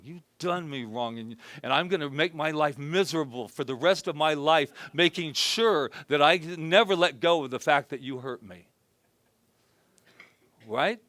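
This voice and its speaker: A man preaching an informal sermon to a congregation, conversational and joking, who softly acts out his own self-talk. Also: fairly high pitch, dry recording. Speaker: minister. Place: spiritual center gathering before a congregation.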